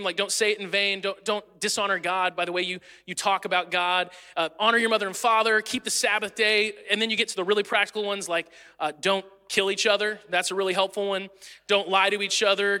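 Young male pastor, high bright voice, casual joking sermon delivery, reverberant hall. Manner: casual, joking storyteller who acts out quotes. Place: church auditorium.

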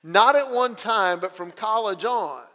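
A middle-aged man with a notably high voice tells humorous personal stories to a live audience. He is animated and self-deprecating, restarting his phrases as he goes. His voice carries the long reverb of a large hall. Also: unhurried. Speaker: speaker sharing a personal testimony.

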